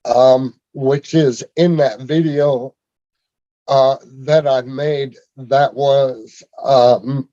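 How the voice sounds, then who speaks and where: A man telling his own story on a video call in a rambling, halting way, with many fillers and restarts. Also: mid-range voice, steady tone, mellow, dry recording. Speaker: speaker sharing his story. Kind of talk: rambling personal testimony. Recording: dull lo-fi video call audio.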